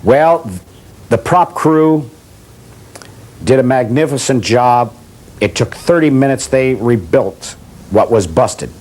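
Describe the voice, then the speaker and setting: A man's voice: medium pitch, darkish tone, rough recording. A man in an interview recalling a mishap on a TV set in a matter-of-fact way. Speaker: interviewee, actor. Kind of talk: storytelling interview.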